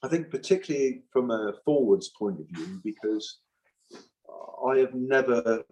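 A man's voice: mid-range voice, expressive, normal speed, darkish tone, low-quality recording. A middle-aged man, a retired rugby forward, talking in an interview, emphatic and repeating phrases for force. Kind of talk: impassioned interview talk.

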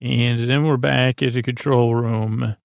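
A man casually recapping a story as a podcast host, halting and rambling with many filler sounds. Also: mid-range voice, fairly even intonation, creaky, no echo, clean studio sound.

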